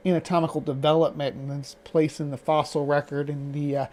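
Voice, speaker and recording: A man reacting to a video in casual commentary, his voice sitting a little high. He questions every claim, halting and restarting often. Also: level tone, darkish tone. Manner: skeptical, halting with many restarts.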